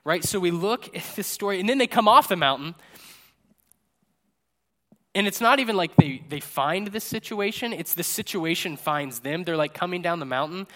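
A man's voice: high voice, lively intonation, normal speed, sharp tone. A male pastor giving a casual, joking sermon at a church service into a microphone, often checking in with "right?". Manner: chatty and jokey, tags lines with "right?".

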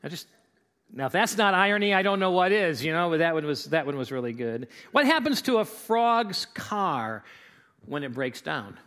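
Male pastor, joke-telling sermon, a bit high-voiced, loose storyteller. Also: brisk. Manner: chatty storyteller, restarts and fillers, lively delivery. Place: church.

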